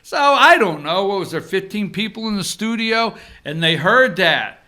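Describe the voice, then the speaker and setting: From an office room, a man hosts his own opinion show of animated political commentary, sarcastic and repeating phrases to hammer home a point. His high voice swoops all over with a bright, sharp edge, at normal speed with hardly any pauses.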